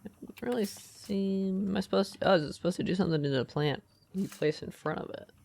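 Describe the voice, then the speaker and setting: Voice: medium pitch, brisk, creaky, darkish tone. A streamer giving live gaming commentary, chatty, thinking aloud and reading game text aloud. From United States.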